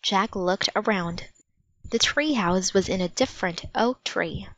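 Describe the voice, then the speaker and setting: Slow, measured storybook narrator, woman. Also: medium pitch, a bit bright, no room sound. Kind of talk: storybook read-aloud. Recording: dry, slightly dull audiobook recording.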